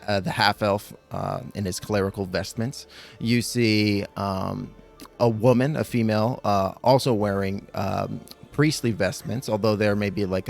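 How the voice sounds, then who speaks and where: Low gravelly man running a tabletop game. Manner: rambling, full of ums and likes. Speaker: game master.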